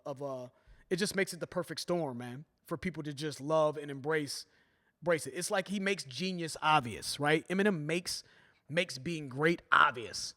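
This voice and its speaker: A man hosting a music reaction video, talking casually and animatedly, often checking in with "right?" and re-rapping lines for emphasis. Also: on the high side. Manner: animated, keeps asking "right?" and "you know what I'm saying?"; quotes and re-raps lyrics with emphasis.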